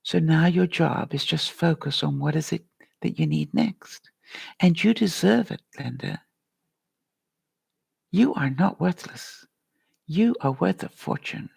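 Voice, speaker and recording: Slow, very gravelly woman giving a pep talk. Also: low voice, a little mellow, no echo. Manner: earnest, encouraging, addresses viewers by name. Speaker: life coach vlogger. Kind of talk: live-stream pep talk answering chat.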